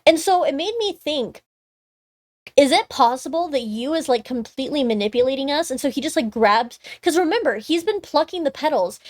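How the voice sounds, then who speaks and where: A woman's voice: high voice, animated, a little fast, no room sound. A woman streamer reading a story game aloud and chatting about it, with many casual fillers. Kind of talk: reading a visual novel aloud and commenting.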